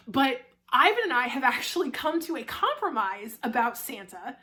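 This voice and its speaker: A young woman talks to her camera about a favourite book in a casual, gushing way. Her voice sits fairly high, and she piles up fillers and restarts as she goes. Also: lively intonation, brisk, hardly any pauses, sharp tone. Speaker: book reviewer.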